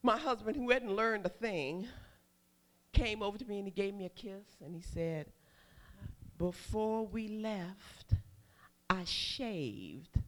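A middle-aged woman preacher telling a personal story in a sermon, animated, calling out for amens. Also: mid-range voice, moderate pace. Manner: animated storytelling, calls for amen, shouts acted quotes.

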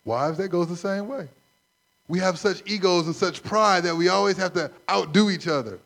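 A man preaching a sermon, conversational and animated, acting out stories. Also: sits high, moderate pace, gravelly. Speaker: pastor.

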